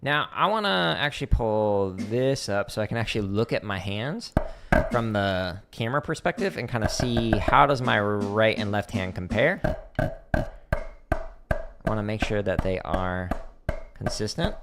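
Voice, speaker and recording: Relaxed man explaining drum technique. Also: on the low side, measured pace, creaky, loud music behind the voice. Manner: relaxed, explanatory, talks while demonstrating. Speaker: drum teacher streaming practice. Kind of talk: casual livestream instruction.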